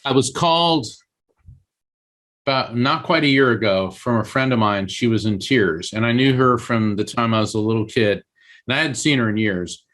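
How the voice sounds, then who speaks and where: Animated male podcast guest telling stories. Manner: animated, with sudden pitch jumps and halting restarts. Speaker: guest medium and author. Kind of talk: storytelling in a podcast interview.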